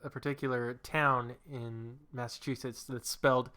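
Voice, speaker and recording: Male co-host, mid pitch, bright edge, chatty. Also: flat delivery, moderate pace, hardly any pauses, clean tone. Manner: chatty, laughing. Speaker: podcast co-host. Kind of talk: casual chat.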